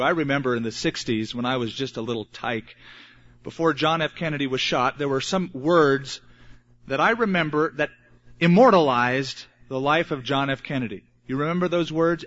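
An older man in his sixties preaching a sermon as pastor, earnest and emphatic with dramatic pauses. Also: fairly high pitch, fairly bright tone. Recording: muffled lo-fi recording.

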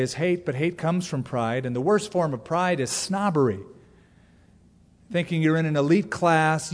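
A middle-aged man preaching a sermon as pastor, talking conversationally with sudden loud asides. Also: fairly high pitch. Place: church sanctuary. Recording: long hall reverb from a church.

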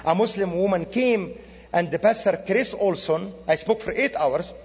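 Animated man preaching in an echoing hall. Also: sits high, normal speed, husky. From Middle East. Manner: animated storytelling with quoted dialogue. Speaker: guest speaker. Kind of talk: sermon. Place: church sanctuary. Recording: dull lo-fi recording in a reverberant hall.

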